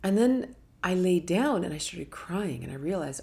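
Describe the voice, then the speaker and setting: A middle-aged woman hosts a live Q&A, answering viewer questions candidly and with emotion, acting out quoted thoughts, sometimes in a whisper. Her voice is lowish and darkish, with vocal fry, lively intonation and a moderate pace.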